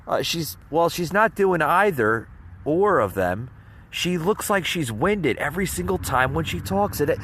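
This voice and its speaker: A man with a voice a bit above the usual pitch talks through a podcast episode in a loose, rambling way. He trips over his words, chuckles, and turns scoffing and opinionated. Faint car noise passes behind him. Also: sing-song, measured pace, a bit bright. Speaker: podcast host. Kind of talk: casual political commentary. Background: faint car noise passing by.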